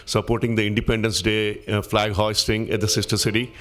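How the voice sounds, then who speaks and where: A man giving quick public-comment thanks with halting, broken phrasing. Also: on the low side, flat delivery, a bit bright.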